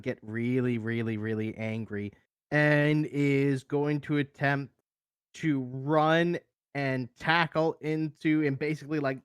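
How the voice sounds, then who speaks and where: A man playing a tabletop game, describing his character's moves in halting bursts with many restarts. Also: on the high side, clean tone, dry recording, studio quality. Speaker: player.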